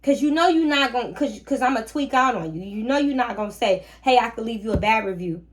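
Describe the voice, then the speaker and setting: A young woman hosting a casual storytime vlog about her rental guests, talking in a sassy, animated way with slangy asides to the viewer. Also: fairly high pitch, fairly quick. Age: young adult. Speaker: short-term rental host.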